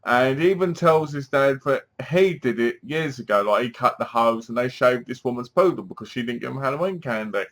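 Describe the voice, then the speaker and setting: A man's voice: mid-range voice, expressive, brisk, hardly any pauses, a bit bright. A man giving a casual spoken review of a TV episode, chatty and leaning on "basically" as he recaps. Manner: chatty, keeps saying "basically".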